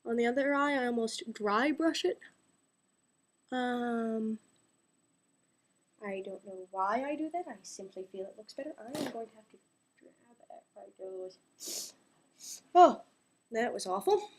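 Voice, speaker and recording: A woman's voice: a little high, expressive, a little slow, pauses often. A young woman chatting casually through a makeup tutorial, rambling with self-mocking asides and sometimes dropping to a whisper.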